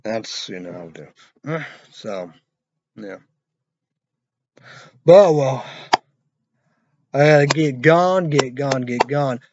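A man's voice: medium pitch, expressive, slow, long pauses, a little mellow, no echo, highs cut off. A man rambling and swearing through a casual vlog, trailing off into mumbles. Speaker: vlogger reviewing an energy drink.

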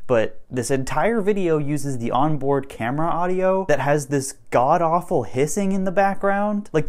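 A man's voice: fairly high pitch, a little mellow. A young man doing casual reaction commentary in a sarcastic, blunt and profane way. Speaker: YouTube commentator.

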